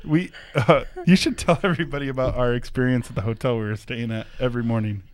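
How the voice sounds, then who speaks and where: A man's voice: medium pitch, fast, no echo. A man hosting a casual talk show, chatting and telling stories with frequent laughter. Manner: laughs often, animated storyteller. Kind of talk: casual studio chat.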